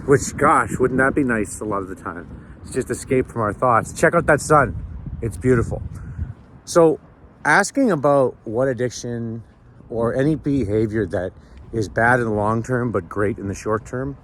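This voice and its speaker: A sober vlogger walks a city street at sunrise, reflecting casually and rambling, with many restarts and "right?" tags. His mid-range voice is fairly bright and moves at a moderate pace, with a little hiss or hum in the recording.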